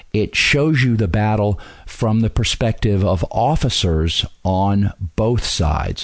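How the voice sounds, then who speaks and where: Brief: man with a low voice, casual reviewer, halting delivery, dry close sound. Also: darkish tone, no room sound. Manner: halting, many fillers and restarts. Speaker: film reviewer and history commentator.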